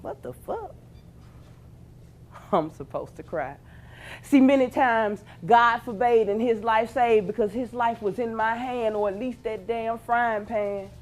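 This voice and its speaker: Woman, thirties, Memphis Southern accent; spoken-word poet, intense delivery, hushed lows and shouted highs. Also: a little slow. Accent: Memphis Southern American. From Memphis, Tennessee. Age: 30s. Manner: intense, swinging from hushed low lines to shouted peaks. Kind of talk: spoken-word poetry performance.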